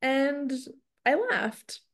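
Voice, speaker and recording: A woman's voice: high-pitched, very slow. A woman in her thirties co-hosting a podcast, telling a story with lots of fillers and frequent laughter. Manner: storytelling, animated, laughs often, many "like" fillers. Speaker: podcast co-host. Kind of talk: casual podcast chat.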